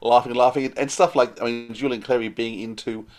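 A man's voice: medium pitch, fairly even intonation, fairly quick, faint music behind. A man interviewing a guest, asking curious, conversational questions. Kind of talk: casual interview.

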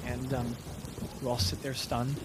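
A man narrates a tabletop role-playing game as game master in a relaxed, rambling way, with plenty of fillers. His pitch sits in an ordinary middle range. There is clear rain-like noise behind him. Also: a little slow. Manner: loose, chatty narration with many fillers.

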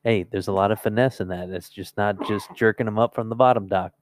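A man's voice: lowish voice, steady tone, a little fast. A man co-hosting a podcast from a studio, joking and telling folksy fishing stories in casual chat. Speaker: podcast co-host.

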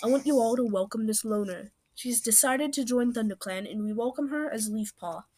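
A woman voicing a welcoming male cat clan leader in a storybook, announcing loudly to the clan. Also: on the high side, lively intonation, brisk, slightly rough, pitched above the performer's own voice. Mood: commanding.

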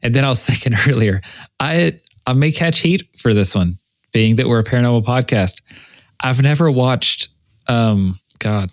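A man's voice: medium pitch, lively intonation, moderate pace, no echo. A man from the Midwest co-hosting a podcast, chatting casually in a joking, laid-back way and often trailing off while he thinks. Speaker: podcast co-host. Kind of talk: casual chat.

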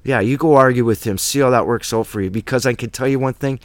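A man's voice: medium pitch, quick pace, dry recording. A man teaching a Bible study in a blunt, emphatic way, with slangy asides between verses.

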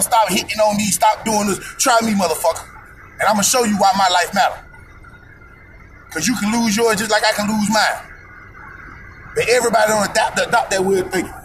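A man's voice: high-pitched, a bit bright, poor audio. A man ranting in a heated, profane monologue, hammering points with repetition and rhetorical questions. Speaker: podcast host. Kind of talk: personal opinion monologue.

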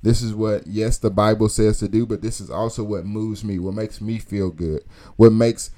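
A man's voice: lowish voice, fairly even intonation, moderate pace, dark tone. A man giving an earnest, informal teaching talk, asking rhetorical questions and repeating key phrases. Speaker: Christian speaker teaching on tithing.

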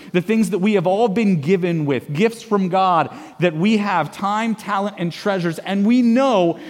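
Man preaching in a reverberant church. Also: sits high. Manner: playful, engaging the congregation with call-and-response. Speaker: pastor. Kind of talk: sermon. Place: church sanctuary. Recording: long hall reverb of a church.

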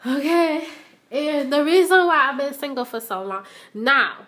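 A young adult woman with a voice pitched a little high chats casually on her own podcast. She talks straight to her listeners and repeats herself for effect, recorded in her shop as she steps in and out. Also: a little slow, fairly bright tone. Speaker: podcast host. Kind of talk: casual solo podcast chat. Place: shop, stepping in and out of doors.

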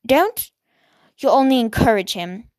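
A woman's voice: fairly high pitch, expressive, moderate pace, natural voice. A woman reading the lines of a sulky, rude young girl in a storybook, blunt and cross.

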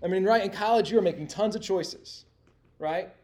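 A young man preaching to college students in a loose, conversational way, asking questions and padding with "like" and "right?". His voice sits fairly high, with a mellow, soft-edged tone. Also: moderate pace. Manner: conversational, asks the audience questions, lots of "like" and "right?". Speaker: campus minister. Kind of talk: interactive sermon.

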